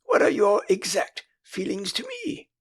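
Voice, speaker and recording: A man's voice: sits high, wildly swooping pitch, measured pace, gravelly, slightly rough, pitched above the performer's own voice, exaggerated voice. An older man with an English accent voicing a prim, earnest, motherly young girl in an audiobook. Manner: prim, emphatic. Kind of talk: audiobook character voice.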